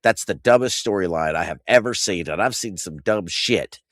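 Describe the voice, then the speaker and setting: A podcast host in his thirties recaps wrestling casually, ranting with exasperated, profane energy at a moderate pace. He's animated, getting loud and high-pitched when outraged. The recording is dry and studio quality.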